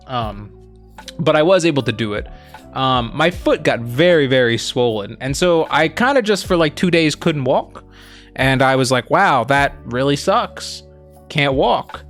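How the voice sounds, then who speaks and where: A man casually telling a long story on a stream, rambling with lots of fillers and quoting the people he met, animated as he retells it. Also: medium pitch. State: injured foot, on crutches. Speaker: streamer co-host.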